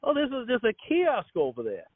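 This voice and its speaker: A man's voice: very high voice, wildly swooping pitch, a little fast, dry recording, full character voice. A man mimicking a fake-cheerful cable store clerk with a sugary, dismissive service voice over a phone line. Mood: fake polite.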